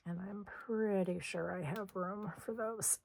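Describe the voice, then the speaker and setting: A middle-aged woman hosting a hands-on scrapbooking tutorial, chatting casually as she works and clearing a slightly hoarse throat now and then. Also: mid-range voice, steady tone, slow pace, a little mellow, no echo. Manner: chatty, talks while working, frequent throat clearing. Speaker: scrapbooking host.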